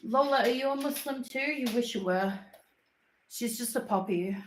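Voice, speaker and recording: A woman's voice: a little high, normal speed, a little hiss or hum. A woman with an Australian accent, hosting a casual livestream from home and chatting playfully with viewers in slang. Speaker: livestream host. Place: home, moving into the kitchen. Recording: roomy home recording.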